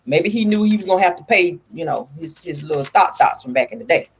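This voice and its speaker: A woman's voice: sits low, lively intonation, fast, breathy edge. A woman vlogger giving casual gossip commentary in a sassy, chatty way, calling her viewers honey.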